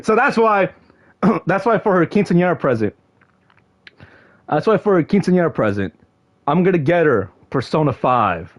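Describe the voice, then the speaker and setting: A young man streaming casually to his viewers, excitable, often shouting in mock frustration and peppering his talk with slang. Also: fairly high pitch, normal speed, pauses often, highs cut off. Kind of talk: casual livestream chat to viewers.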